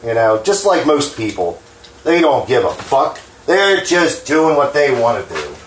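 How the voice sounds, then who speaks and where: A New Jersey cooking vlogger speaks in a mid-range, unhurried voice with big pitch swings while he cooks at home. He's rambling, blunt, profane, and self-deprecating, with hands that shake a little, and the echoey kitchen carries faint clatter and slight background noise.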